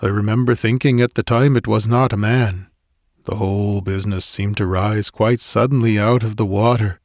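A man's voice: fairly even intonation, a little mellow, no room sound, clean studio sound, close to an everyday voice. A man voicing a grave, uneasy adventurer. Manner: slow, earnest, low and scornful at times. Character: grave, uneasy male canoeing companion, quietly intense.

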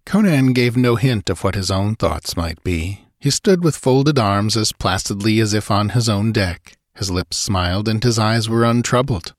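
A man narrating an adventure story as an audiobook, measured and dramatic. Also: on the low side, no echo, studio quality.

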